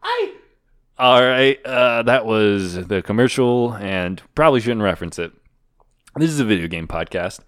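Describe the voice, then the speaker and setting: A man's voice: on the low side, animated, moderate pace, fairly bright tone, dry recording, studio quality. A man doing a neurotic, stressed middle-aged male podcast host who rambles pompously and stalls on fillers. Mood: rambling.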